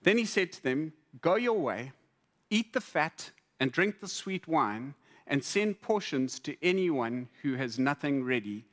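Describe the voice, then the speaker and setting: A man preaching a sermon to a congregation, conversational and humorous, with lively repetitions. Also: a little high, unhurried. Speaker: pastor. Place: church hall before a congregation.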